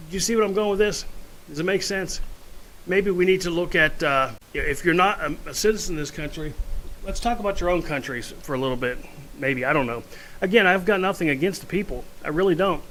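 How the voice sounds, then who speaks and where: A blunt, opinionated man talking straight into the mic in a casual home vlog. His voice sits a touch high and sounds bright and forceful. A faint hum of room noise runs underneath. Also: low-quality recording. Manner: blunt, opinionated, rambling asides. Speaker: vlogger.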